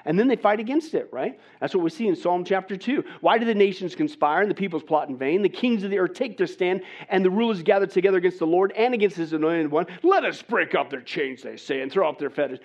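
A man preaching a sermon as pastor, emphatic, often asking the congregation "right?" and swinging from soft talk to loud exhortation. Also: high voice, expressive, quick pace, hardly any pauses. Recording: dull lo-fi sound.

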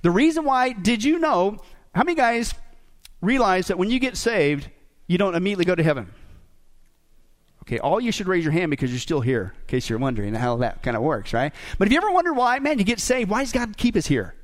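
A man's voice: sits high, sing-song, brisk. A male pastor preaching a sermon, joking and asking the congregation rhetorical questions.

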